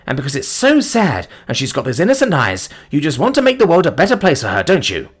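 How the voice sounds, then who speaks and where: A man's voice: medium pitch, very animated, normal speed, fairly bright tone, slightly rough, voice pushed up. A man voicing an angry, bitter young man who swears and sneers sarcastically. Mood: furious.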